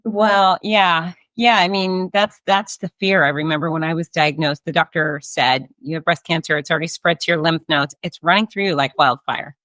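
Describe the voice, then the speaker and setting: A woman's voice: sits low, steady tone, moderate pace, hardly any pauses, no echo. A woman hosting an interview, chatty and emphatic, sharing her own experiences. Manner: warm-hearted, emphatic, chatty. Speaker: host. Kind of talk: interview conversation.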